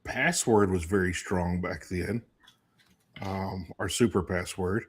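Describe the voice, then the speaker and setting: A man's voice: low voice, slow, slight background noise. Rambling middle-aged man telling stories. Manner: rambling storyteller with many restarts and fillers. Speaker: co-host. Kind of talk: casual chat.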